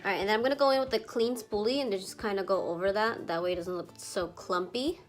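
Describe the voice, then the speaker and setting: A woman's voice: medium pitch, fast, soft background music. Chatty congested young woman vlogger. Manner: chatty, lots of "like" fillers, casual swearing. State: a little congested from allergies. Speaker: beauty vlogger. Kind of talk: makeup tutorial narration.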